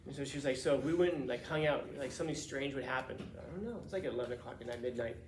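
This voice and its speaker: A man's voice: medium pitch, rapid-fire, a little hiss or hum. Casual storytelling male teacher in echoey room. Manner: casual, animated storytelling with restarts and laughs. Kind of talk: classroom storytelling lecture. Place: classroom.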